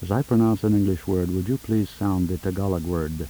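A man with a low, very dark and mellow voice reads out a formal phonetics lesson in a measured, precise manner. He prompts an informant word by word, and it sounds like an old 1970s tape recording. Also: slight background noise, poor audio. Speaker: linguist recording a language informant. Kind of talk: formal scripted phonetics demonstration.

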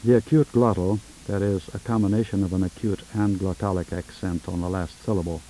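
A man with a deep, mellow, very dark voice speaks in a measured and precise way. He leads a formal phonetic session. The sound is that of an old 1970s tape recording. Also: steady tone, a little hiss or hum, low-quality recording. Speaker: linguist interviewer.

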